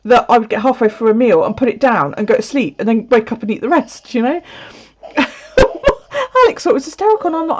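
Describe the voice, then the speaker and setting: A woman's voice: on the high side, sing-song, fairly quick. A woman from the UK, chatting casually to her viewers at home, swearing freely and laughing often. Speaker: video creator. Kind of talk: casual live chat to viewers. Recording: dull lo-fi sound.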